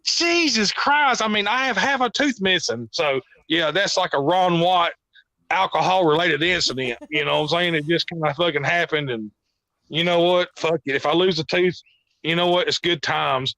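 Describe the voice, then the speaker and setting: A man with a high voice rambles through tales as a podcast guest, swearing constantly. His tone is bright and forceful, and the sound is close and dry with no room echo. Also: normal speed. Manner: rambling, profane storytelling. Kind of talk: casual chat.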